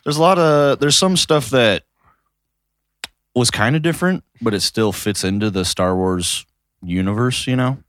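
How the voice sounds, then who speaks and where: A man's voice: medium pitch, normal speed, a bit bright, no room sound. Dry-humored male podcast co-host. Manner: dry, teasing banter. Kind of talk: casual chat.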